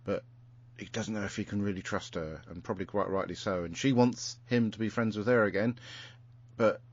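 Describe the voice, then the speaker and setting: Low-ish male host, casual rambling recap, muffled lo-fi sound. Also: steady tone, brisk. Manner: rambling, many fillers and restarts. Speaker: podcast host. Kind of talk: casual chat recapping an episode. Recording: muffled lo-fi recording.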